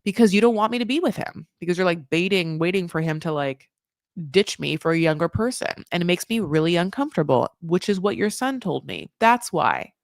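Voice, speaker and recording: Woman, gossipy reality recap talk, animated swings in pitch and volume, dry close sound. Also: fairly quick, no echo. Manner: animated, gossipy, with sudden jumps in pitch and loudness; says "honey" and "like" often. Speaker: podcast host recapping a reality show. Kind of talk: casual commentary.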